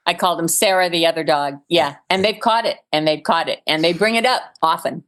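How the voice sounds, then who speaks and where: A woman's voice: lowish voice, brisk, a bit bright. A middle-aged woman, a stand-up comedian as guest, telling funny stories and laughing often. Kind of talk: casual comedic interview chat.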